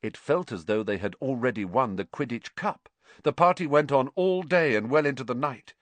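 A man reading a story aloud as an audiobook narrator, in a lively, dramatic storytelling manner. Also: mid-range voice, normal speed, no echo.

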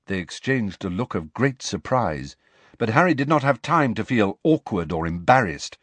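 A man's voice: lowish voice, normal speed, no room sound. A man narrating a novel as an audiobook reader, telling it expressively. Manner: expressive storytelling. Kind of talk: scripted narration.

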